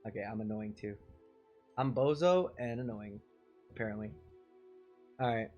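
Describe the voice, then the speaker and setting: His voice is lowish and warm, at a normal speed, and the sound is lo-fi. Streaming live with faint music in the background, he meanders through a self-mocking story, full of fillers and chuckling between phrases.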